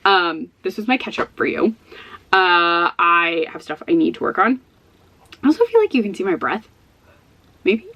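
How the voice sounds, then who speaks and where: A woman's voice: fairly low pitch, very animated, normal speed, long pauses, pushed and bright, dull audio. A woman chatting casually in a book vlog from her home office, stressed, rambling and self-deprecating, with little laughs between phrases. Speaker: book vlogger.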